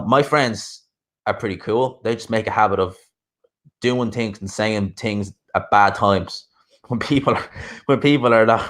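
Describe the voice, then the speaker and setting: A man's voice: fairly low pitch, fairly bright tone. An Irish man hosting a boxing channel, chatting casually on a live stream, rambling and swearing freely.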